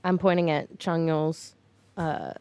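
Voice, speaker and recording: A woman playing a tabletop game, talking slowly with a drawl and dramatic emphasis. The sound is dry and close. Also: deep voice, steady tone, darkish tone, clear, resonant tone, dry recording. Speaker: player. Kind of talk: tabletop roleplay, in and out of character.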